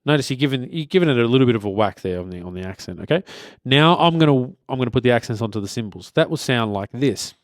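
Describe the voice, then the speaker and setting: A man's voice: medium pitch, quick pace, few pauses, no echo. Laid-back male drum instructor, casual and chatty, dry close mic. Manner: relaxed, many fillers and restarts, checks in with "okay?". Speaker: drum teacher. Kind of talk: casual spoken lesson. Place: drum studio beside a drum kit.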